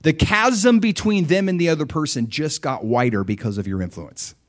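A man's voice: on the high side, moderate pace. A man preaching a sermon in a conversational way, acting out bits of dialogue as he teaches. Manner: conversational, animated, acts out dialogue. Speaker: pastor.

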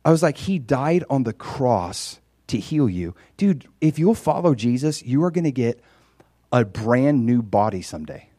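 A man delivering a casual, conversational sermon in a dry, close-sounding space. His voice sits in an ordinary middle range, swinging from hushed asides to loud, emphatic peaks. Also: medium pitch, sing-song, unhurried, breathy edge, no echo. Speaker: preacher.

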